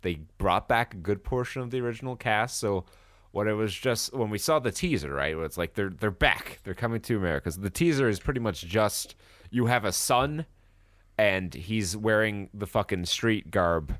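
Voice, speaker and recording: A man talks through a movie review on a podcast, his low voice swinging widely up and down as he acts out bits of trailers. He swears casually and keeps the tone loose. The sound is dry and close, with no room around it. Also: expressive, moderate pace, fairly bright tone, dry recording. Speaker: podcast co-host.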